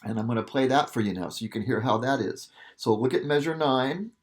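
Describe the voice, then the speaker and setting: A man's voice: mid-range voice, brisk. A male music teacher explaining a piece to students in a casual, patient way, often checking in with "okay". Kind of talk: instrument lesson talk.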